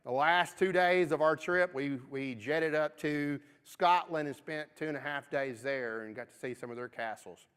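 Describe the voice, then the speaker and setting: A man's voice: a little high, moderate pace, hardly any pauses, fairly bright tone, smooth. West Kentucky man teaching a Bible class. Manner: conversational, frequent "okay?" check-ins. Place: church auditorium. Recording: long reverb of a church auditorium.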